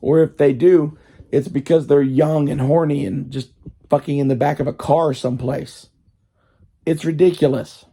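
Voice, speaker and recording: A man's voice: a little high, steady tone, moderate pace, vocal fry, dark tone, slightly rough. A man with a strained voice that he says he can barely talk in, rambling profanely in a casual monologue full of fillers.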